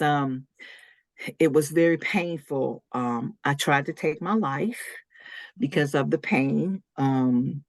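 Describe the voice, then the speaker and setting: A woman's voice: low voice, no echo. Woman on a faith podcast telling her own story, emotional, plays out the quotes, dry close sound. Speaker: interview guest. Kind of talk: personal testimony in a faith podcast interview.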